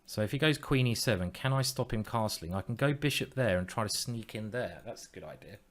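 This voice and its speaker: A man's voice: on the low side, animated, a little fast. A man streaming online chess, thinking aloud in a playful, self-mocking way and teasing his opponent.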